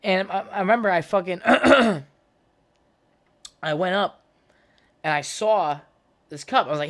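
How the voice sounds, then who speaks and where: High-pitched and a bit bright, a young man speaks unhurriedly and pauses often. He hosts his own podcast, telling childhood stories solo in a casual, profane ramble full of fillers and restarts.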